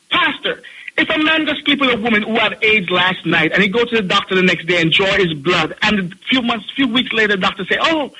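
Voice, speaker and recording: Jamaican man, high voice, tense bright tone, mocking preachy rant, caller. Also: slight background noise, rough recording. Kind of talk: heated ranting monologue.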